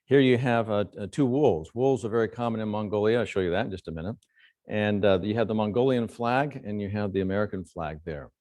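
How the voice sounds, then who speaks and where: A man's voice: on the low side, brisk, no room sound. A middle-aged man, a surgeon, giving a conference lecture full of anecdotes and frequent fillers. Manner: storytelling, animated quotes, frequent fillers.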